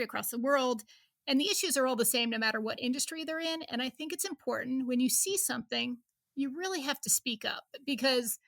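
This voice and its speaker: A woman's voice: sits high, a bit bright, dry recording, studio quality. A woman in her fifties, a reporter chatting as an interview guest, laughing often and restarting her sentences. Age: 50s. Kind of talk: casual interview chat.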